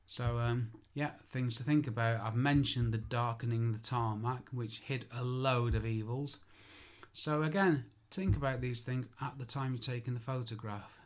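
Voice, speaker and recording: A man's voice: medium pitch, normal speed. A man who works as an architectural photographer, giving an informal spoken tutorial. He chats, makes self-deprecating asides and corrects himself aloud.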